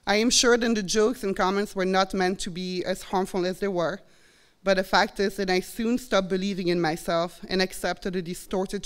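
A woman in her forties from Belgium with a Belgian French accent, reflectively telling a personal story on stage. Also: mid-range voice. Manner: earnest, reflective, acts out quoted voices. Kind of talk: live storytelling performance. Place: college stage before an audience.

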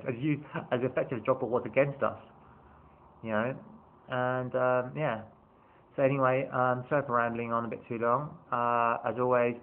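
A man's voice: medium pitch, a little hiss or hum. A man rambling through a casual preview of his team's upcoming matches, restarting sentences and swearing now and then. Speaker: football fan vlogger. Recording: tinny phone-like sound.

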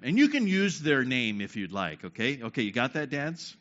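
A pastor with a mid-range, slightly bright voice preaches a sermon, talking a little fast with lively intonation and few pauses. He leads the congregation through a group exercise, checking in often with repeated "okay?" prompts. The recording sounds dull and lo-fi.

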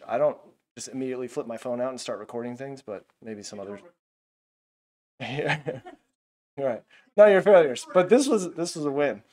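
A man teaching a Bible lesson in a casual, animated way, full of fillers like "like". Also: mid-range voice, moderate pace, long pauses.

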